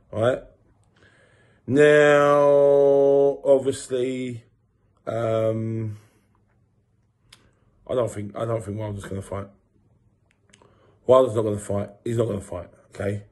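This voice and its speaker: A man, hosting his own boxing channel and ranting casually, swearing and repeating himself as he grows louder. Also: mid-range voice, takes it slowly, pauses often. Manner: animated, swearing, repeats himself, rising to shouts. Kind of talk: casual boxing opinion rant.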